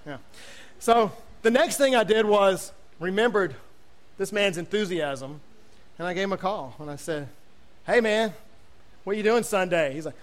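Youth pastor, high tenor, comic storyteller; self-mocking, acts out every voice in his story. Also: a little fast. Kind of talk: humorous sermon storytelling.

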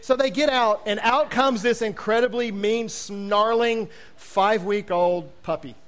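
High-voiced man telling a funny sermon story. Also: measured pace. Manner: animated, self-mocking storyteller who acts out quoted voices. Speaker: youth pastor.

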